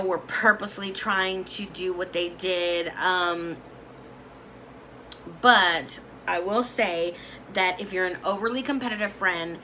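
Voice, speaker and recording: A woman vlogger ranting casually to camera about beauty influencers, emphatic and animated, repeating words for emphasis and calling people honey. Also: mid-range voice, a little hiss or hum, poor audio. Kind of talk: casual opinion rant to camera.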